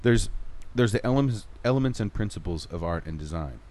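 A man's voice: fairly low pitch, lively intonation, a little fast, darkish tone, a little hiss or hum. Opinionated man in casual podcast chat. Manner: questioning, opinionated, restarts a lot. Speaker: podcast co-host.

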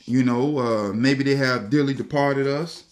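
A man's voice: medium pitch, a little slow. A man talking casually on a podcast, telling a story in a rambling, profane way, laughing and repeating himself.

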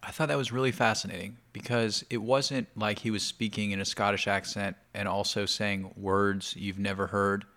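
A man's voice: lowish voice, a bit bright. A man chatting casually to camera for his video blog, talking between bites of food. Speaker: video blogger.

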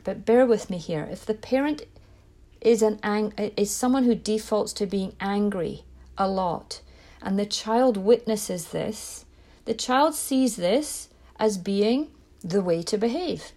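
Earnest woman giving parenting advice, mellow voice. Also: medium pitch, unhurried. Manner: earnest, reflective, with small restarts. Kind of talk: direct-to-camera parenting talk.

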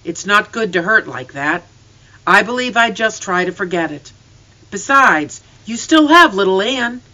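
Reader doing a calm, gentle farm father. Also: mid-range voice, a little slow, rough recording. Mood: comforting. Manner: calm and comforting.

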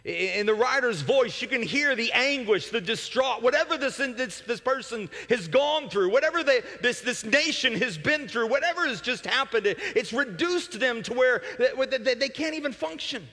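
A man preaching a sermon as pastor, impassioned, rising to loud peaks and falling to soft prayer, often restarting words. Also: very high voice, animated. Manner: repeats words in quick restarts. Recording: long hall reverb.

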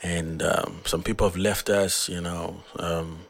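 A hoarse man from Zambia, earnestly talking through his own song in a casual, rambling way. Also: sits low, flat delivery, measured pace. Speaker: musician.

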